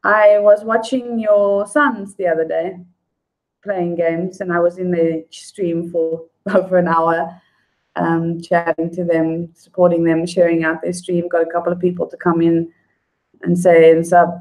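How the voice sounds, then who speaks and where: A woman's voice: on the low side, little pitch movement, a little slow, darkish tone, poor audio. A woman chatting casually on a livestream, greeting viewers by name. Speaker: livestream host. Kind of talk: casual livestream chat, reading viewer comments.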